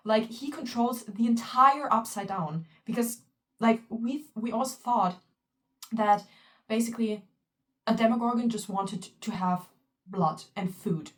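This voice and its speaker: A young woman giving excited, emotional fan reaction commentary, swearing often and piling on fillers. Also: medium pitch, far from the mic. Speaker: fan vlogger.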